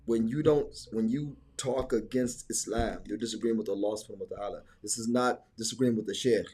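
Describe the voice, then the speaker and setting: A man's voice: fairly low pitch, a little fast, darkish tone, slightly rough. A man in a casual talk show, arguing an emphatic religious point, repeating himself and using Arabic terms. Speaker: podcast co-host.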